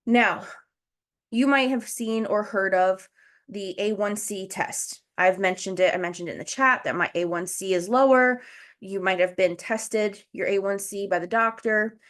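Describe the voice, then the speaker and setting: A woman's voice: mid-range voice, a little slow, a bit bright. A woman hosting a casual educational livestream, out of breath, explaining things step by step and talking to her viewers in the chat over a video call. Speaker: host.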